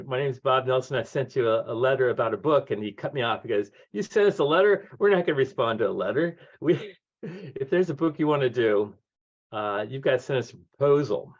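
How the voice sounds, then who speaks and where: Man, 60s, animated guest storyteller who mimics the people he quotes; average pitch, dull lo-fi sound. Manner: lively anecdotes, acts out quoted voices, laughs often. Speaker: guest author. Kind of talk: conversational storytelling. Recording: dull lo-fi audio.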